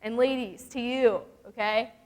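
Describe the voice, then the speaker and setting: A fairly high-voiced young woman speaks to a youth group in a chatty, animated way, often slipping into the voices she quotes. Her voice rings out in a church hall with a long, trailing reverb. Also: a little slow, a little hiss or hum. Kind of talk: casual devotional talk to a youth group.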